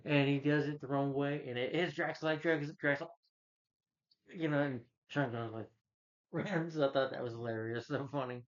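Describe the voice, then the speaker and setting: In a steady, mid-range voice at normal speed, a man reviewing movies casually walks through a plot. He rambles and leans on "like" and "you know," and the lo-fi recording sounds dull.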